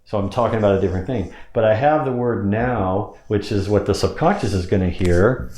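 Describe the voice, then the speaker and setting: Casting note: man with a lowish voice, instructional coach who breaks ideas down step by step, roomy echo. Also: brisk, darkish tone, slight background noise. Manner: explains step by step, demonstrates with pitch changes. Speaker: sales hypnosis coach. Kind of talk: instructional explanation.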